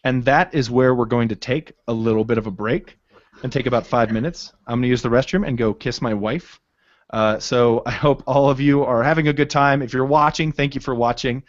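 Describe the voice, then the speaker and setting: A man running a tabletop game as game master, narrating in a halting way full of restarts. His voice sits mid-pitch and comes over dull, lo-fi stream audio. The sound is dry and close. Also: steady tone, no room sound. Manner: halting, many restarts and fillers.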